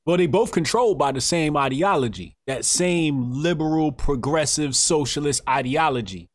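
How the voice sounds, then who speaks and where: Mid-pitched man, dry close sound. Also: normal speed, dry recording. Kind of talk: casual podcast talk.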